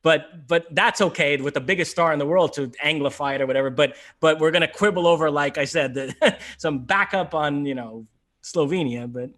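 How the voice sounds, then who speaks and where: A man co-hosting a casual podcast, talking in a relaxed, conversational way. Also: fairly high pitch, fairly quick. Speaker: podcast co-host.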